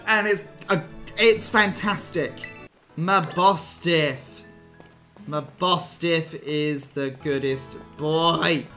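A young man giving casual, playful commentary over a game he is playing, often gushing with excitement. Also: fairly high pitch, drawn-out words, faint music behind. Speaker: let's play host.

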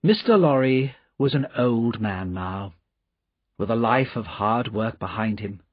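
A man reading a novel aloud as an audiobook narrator, in a slow, measured delivery. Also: fairly low pitch, expressive, slightly rough, no room sound. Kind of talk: scripted narration. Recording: dull, dry audiobook recording.

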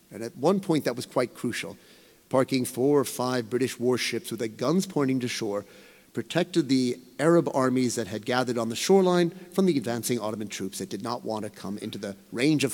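Male professor, lecture-hall reverb, measured and emphatic delivery. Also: medium pitch, lively intonation, a little mellow. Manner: measured, emphatic storytelling with rising stresses. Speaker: history professor giving a lecture. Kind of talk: academic lecture.

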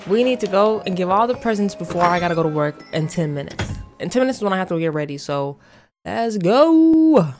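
A woman giving casual gameplay commentary as a vlogger, excitable, rushed and playfully dramatic. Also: lowish voice, music in the background. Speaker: gaming vlogger.

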